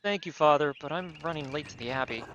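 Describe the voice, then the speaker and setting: A man's voice: on the high side, fast talker, fairly bright tone, slight background noise, natural voice. A man voicing a polite, mild-mannered young male artist.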